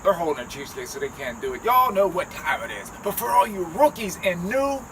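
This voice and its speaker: A man's voice: high voice, very animated, brisk. A man hosting a casual food-tasting vlog outdoors, talking in a playful, hyped-up way. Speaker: vegan food vlogger. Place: outdoors by a street. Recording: outdoor street noise.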